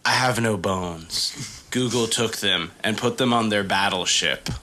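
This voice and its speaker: A man voicing a shaken male wasteland tough guy in a comedy podcast story, with a low, deadpan delivery. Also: measured pace, a little hiss or hum. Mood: flat.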